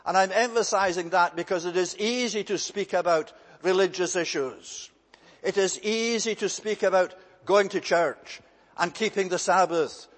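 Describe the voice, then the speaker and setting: A man preaching a sermon in a measured, emphatic way, repeating key phrases for weight. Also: fairly high pitch, big-room sound.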